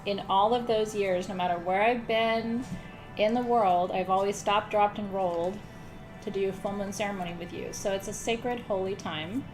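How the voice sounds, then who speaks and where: A woman's voice: mid-range voice, fairly even intonation, moderate pace, faint music behind. A middle-aged woman hosting a live-streamed spiritual ceremony, chatting casually, joking about herself and swearing lightly. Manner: joking, self-mocking, swears casually, laughs often. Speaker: host of an online spiritual ceremony.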